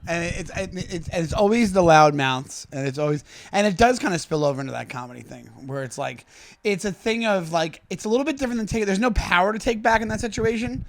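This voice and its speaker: High-voiced man teasing his co-host. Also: animated, brisk. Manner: wry, teasing reactions. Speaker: podcast co-host. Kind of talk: casual chat.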